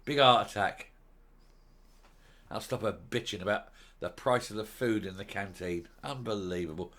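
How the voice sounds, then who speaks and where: A middle-aged man giving furious political commentary on a vlog, hurling insults and mockery with loud outbursts. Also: fairly low pitch, normal speed, slight background noise. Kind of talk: angry ranting commentary.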